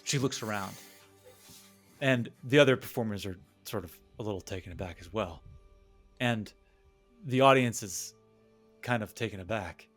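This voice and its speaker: A man narrating a tabletop game as game master, telling the scene slowly. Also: fairly low pitch, faint music behind. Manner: slow, storytelling narration.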